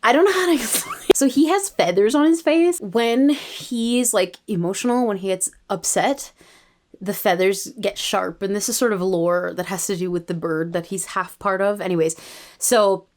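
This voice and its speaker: A woman's voice: mid-range voice, moderate pace. Tired, chatty young Canadian woman. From Toronto, Canada. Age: 20s. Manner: chatty and self-mocking, often drops to a whisper. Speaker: writer and vlogger. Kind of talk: casual late-night vlog chat.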